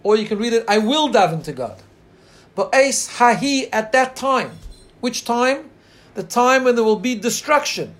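Guy with a high voice teaching torah, tells the midrash earnestly, draws out the quotes slow. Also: animated, fairly bright tone. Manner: pauses to share screen and look up text. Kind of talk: Torah class.

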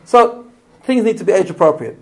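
A middle-aged man with a slightly raised voice teaches a room full of parents. He tells stories with lively swings of energy, often restarts his sentences, and keeps checking in with his listeners through quick questions. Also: sits high, gravelly, rough recording. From immigrant to Australia. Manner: animated storytelling with restarts and rhetorical questions. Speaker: parenting lecturer. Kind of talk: live parenting talk to an audience.

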